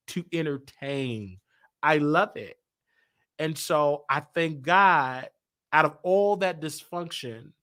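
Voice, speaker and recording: A man hosting his show speaks in a fairly high, pushed, bright voice. He talks candidly and confessionally about his life on a livestream, repeating himself as he works through it.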